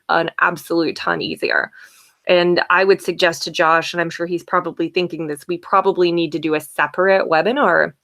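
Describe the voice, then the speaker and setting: Chatty upbeat woman teacher demoing software. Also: fairly low pitch. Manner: chatty, upbeat, frequent "okay" and "yay". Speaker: teacher presenting a webinar. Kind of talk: casual live software demo.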